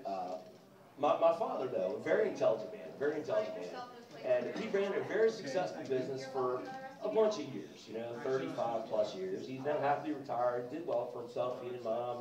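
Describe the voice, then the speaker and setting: A middle-aged man doing a stand-up routine, rambling through self-deprecating stories with crude asides, recorded in an echoey comedy club from some distance, with audience laughter behind him. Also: mid-range voice.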